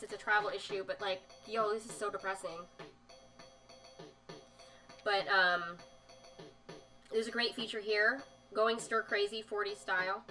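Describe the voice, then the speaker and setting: The audio is poor, but you can hear a woman with a mid-range voice chatting on a live stream. She shows zines and reads bits of magazines aloud, adding lots of fillers and emotional asides, with soft music in the background.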